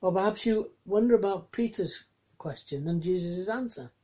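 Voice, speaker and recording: A pastor giving a gentle, reflective sermon and Bible reading, asking his listeners questions. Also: high-pitched, lively intonation, moderate pace.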